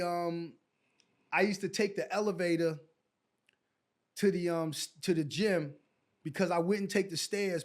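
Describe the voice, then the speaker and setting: A middle-aged man telling stories in a casual interview, acting out the exchanges he recalls. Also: high voice. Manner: animated storyteller who acts out quoted exchanges. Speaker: guest, former pro basketball player.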